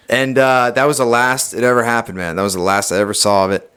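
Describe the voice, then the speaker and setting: Man, young adult, podcast guest, casual storytelling, animated, swears. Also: fairly low pitch, fast, hardly any pauses, clear, resonant tone. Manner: animated, swears often, says "dude" and "like".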